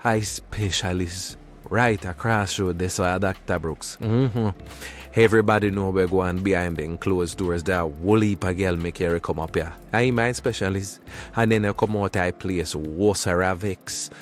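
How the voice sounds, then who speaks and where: Man voicing a deep mocking Jamaican cabby. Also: lightly acted. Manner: teasing, drawn-out patois jabs. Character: wisecracking male cab driver, mocking and nosy. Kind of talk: animated cartoon dialogue.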